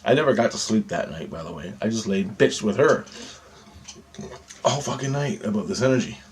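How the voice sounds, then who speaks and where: A man's voice: lowish voice, brisk. A man telling a rambling, profane personal story, repeating himself as he goes. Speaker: vlogger recounting ghost hunting.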